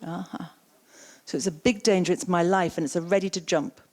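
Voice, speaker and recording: At a conference, a woman delivers an interactive coaching keynote, echoing the audience's words and asking them questions. As a keynote speaker and coaching trainer, she speaks fairly quickly with a fairly low, slightly mellow voice and fairly even intonation.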